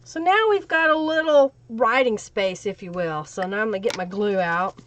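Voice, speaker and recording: A woman's voice: mid-range voice, moderate pace, a bit bright. A woman with an Oklahoma Southern accent hosting a live crafting stream, chatting casually and answering viewer comments as she works. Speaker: livestream crafting host.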